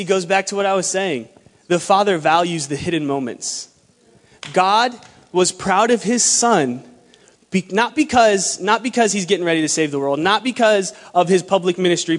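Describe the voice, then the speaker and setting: A young man delivers a sermon with a high-pitched voice, animated and acting out little dialogues. His words ring with a long reverb in a church hall. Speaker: preacher.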